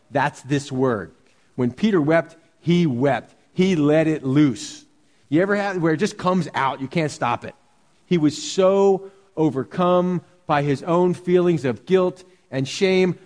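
A man's voice: fairly high pitch, unhurried, darkish tone, long reverb tail. A man preaching a sermon as pastor, earnest and full of rhetorical questions.

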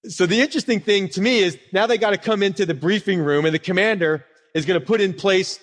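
A man preaching a sermon as a pastor, telling stories in a lively way and acting out the people in them. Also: high-pitched, quick pace. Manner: animated storyteller who acts out quotes. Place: church sanctuary. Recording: long reverb of a church hall.

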